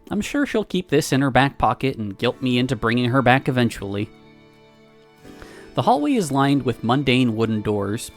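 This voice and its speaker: A man streamer reading a visual novel aloud with wry, animated storytelling. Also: mid-range voice, creaky.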